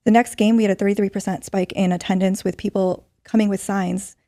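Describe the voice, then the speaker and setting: A woman's voice: mid-range voice, fairly even intonation, fairly quick, warm tone, dry recording, clean studio sound. A middle-aged woman, a podcast guest, telling a story earnestly in conversation with many fillers. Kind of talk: storytelling in an interview.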